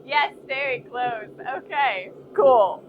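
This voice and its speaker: A high-pitched woman with a Midwestern accent talks at an unhurried pace, chatty and self-deprecating, laughing often. She is streaming live from a blacksmith workshop. A clear layer of workshop noise and passing vehicles sits under her voice. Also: lo-fi sound. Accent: American Midwest. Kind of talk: casual live-stream chat. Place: forge workshop.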